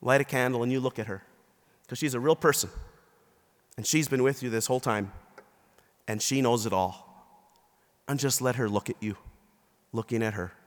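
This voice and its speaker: Bishop preaching in a reverberant church. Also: male voice, medium pitch, normal speed, long pauses. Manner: storytelling, acting out quoted people. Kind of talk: sermon. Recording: long reverb of a large hall.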